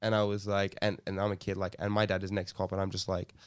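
A man's voice: low-pitched, monotone, fast talker, smooth. Young aussie guy spinning a yarn, rambly, lots of restarts and swearing. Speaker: guest storyteller. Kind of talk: casual chat.

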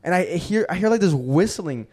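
A young man hosting a podcast, telling a profane, animated story and acting out the quotes in casual chat. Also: high-pitched, normal speed. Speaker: podcast host.

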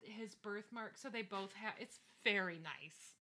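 A woman co-hosting a casual podcast, recapping an episode with lively enthusiasm and frequent swearing. Her voice is very bright and sharp, at a middle pitch for a woman. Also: measured pace. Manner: enthusiastic, profane, animated. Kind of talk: casual chat.

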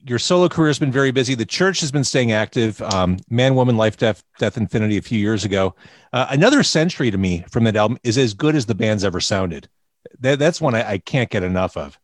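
Brief: male interviewer, mid voice, casual halting questions. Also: mid-range voice, animated, dry recording, clean studio sound.

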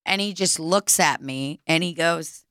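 A young woman telling a story in casual chat, animated and laughing, swearing freely. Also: deep voice, unhurried, no room sound, studio quality.

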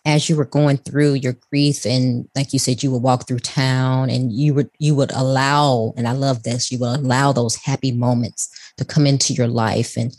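A woman's voice: rumbling low, steady tone, normal speed, hardly any pauses, darkish tone. Encouraging woman interviewer. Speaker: interview host. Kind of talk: conversational interview.

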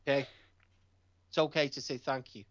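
A man's voice: medium pitch, fairly even intonation, moderate pace, a bit bright. A man co-hosting a casual wrestling chat, boastful, teasing and profane. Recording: dull muffled audio.

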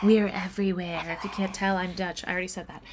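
A woman's voice: fairly low pitch, little pitch movement, fast talker, a loud crowd. A young Canadian woman co-hosting a travel podcast from a studio, chatty and playful, often laughing while she tells stories. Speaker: podcast co-host. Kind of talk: casual travel podcast chat.

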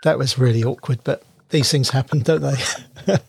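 A man's voice: medium pitch, moderate pace, vocal fry, a little hiss or hum. Enthusiastic man hosting a podcast. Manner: enthusiastic, laughs often. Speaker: podcast host. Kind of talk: casual interview chat.

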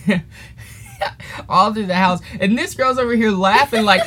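A man's voice: high voice, unhurried, pauses often, very noisy. A teenage boy casually telling a rambling story on a podcast, laughing often and drifting off topic. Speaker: podcast host.

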